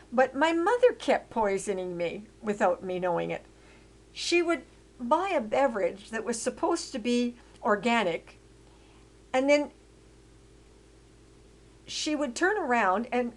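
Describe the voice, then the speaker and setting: An older woman from Canada narrating her life story over photos in a rambling way, with many fillers and restarts, growing loud and emphatic as she gets indignant. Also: on the high side. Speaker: autobiographical storyteller.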